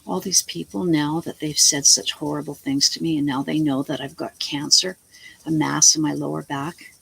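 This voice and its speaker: Gravelly woman rambling on her home vlog, blunt and chatty, cusses a lot, husky voice. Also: low-pitched, flat delivery, moderate pace, a bit bright, rough recording. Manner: blunt, chatty, swears freely, rambles between topics. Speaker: vlogger. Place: at home, talking to the camera.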